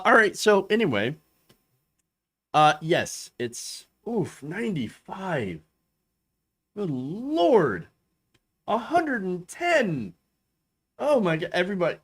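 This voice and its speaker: A man hosting a casual political commentary show, goofy and self-mocking, halting often with fillers. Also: fairly high pitch, a bit bright. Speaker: host.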